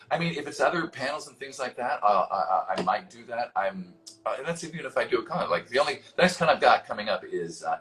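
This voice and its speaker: A man's voice: lowish voice, a bit bright, a little hiss or hum. A man in his fifties reading out fan questions and answering them in a casual, rambling way, swearing freely. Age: 50s. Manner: reads fan questions aloud, then answers. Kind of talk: livestream Q&A.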